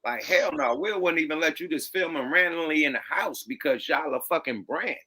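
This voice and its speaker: A man's voice: on the high side, a little fast, pushed and bright, husky. A man hosting a podcast in casual chat, profane and slangy, with easy laughing banter. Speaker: podcast host.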